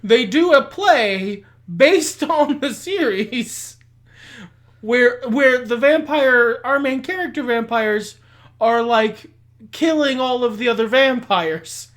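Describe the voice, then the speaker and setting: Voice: mid-range voice, slow pace, a bit bright. A podcast co-host in casual chat, blunt and opinionated, swearing freely and often laughing. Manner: laughs often while talking.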